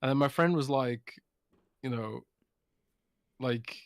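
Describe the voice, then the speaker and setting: A man's voice: mid-range voice, steady tone, a little slow, pauses often, smooth, no room sound, studio quality. A man co-hosting a casual podcast chat, drunk and slurring his words, talking in a loose, rambling, sweary way. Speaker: podcast co-host.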